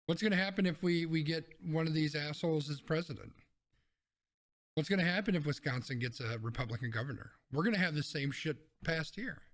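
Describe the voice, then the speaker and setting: A man's voice: fairly high pitch, a little fast. A man co-hosting a casual opinion podcast, talking bluntly and swearing freely as he rants about the news. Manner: blunt, profane ranting. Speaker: podcast co-host.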